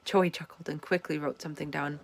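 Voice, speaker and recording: A woman reading a children's chapter book aloud, with expressive, animated storytelling. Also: low voice, fairly quick, gravelly, no room sound. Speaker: storybook reader.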